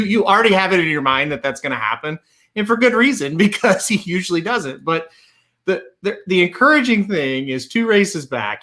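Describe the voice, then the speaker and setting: A man co-hosting a horse racing podcast, giving his betting picks in a blunt, animated way with casual swearing. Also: fairly high pitch. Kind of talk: casual betting analysis chat.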